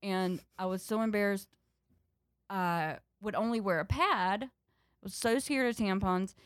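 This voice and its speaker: A young woman talking as a podcast guest, telling a story in a casual, animated way and acting out the voices of the people in it. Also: mid-range voice, a little slow, no echo, studio quality.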